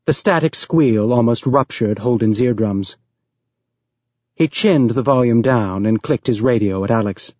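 A man reading an audiobook aloud as narrator, raising his pitch to voice characters. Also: unhurried, darkish tone, dry recording, highs cut off.

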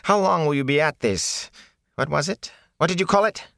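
A man voicing a ragged, frightened male peddler who talks in a raspy, hoarse, whining way. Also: on the high side, moderate pace, a bit bright, no room sound, clean studio sound, voice pushed up. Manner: whining, fearful, rambling.

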